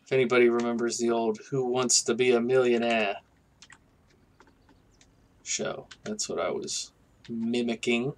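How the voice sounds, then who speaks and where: A man hosting a casual gameplay commentary, musing and thinking aloud in a relaxed way. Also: mid-range voice, a little slow, long pauses, slight background noise. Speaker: gaming channel host.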